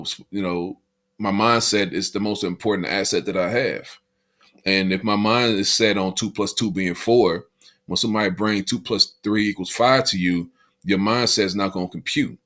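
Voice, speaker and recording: A man's voice: low voice, fairly even intonation, normal speed, a bit bright. A man co-hosting a podcast, talking in a casual, motivational way and repeating "you know" often. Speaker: podcast co-host.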